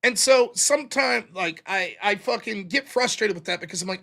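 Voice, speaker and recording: A man's voice: sits high, normal speed, creaky, few pauses. A man hosting a live stream, ranting bluntly with frequent swearing and reading out viewer donations. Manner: blunt, profane, animated ranting. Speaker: livestream host. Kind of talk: casual livestream chat.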